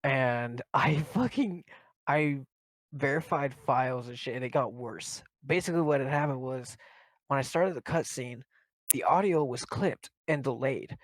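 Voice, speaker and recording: Male co-host, casual banter, quick laughs, dry close recording. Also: mid-range voice, dry recording. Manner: joking, laughs often, rambling game rant. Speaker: podcast co-host. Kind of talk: casual chat among friends.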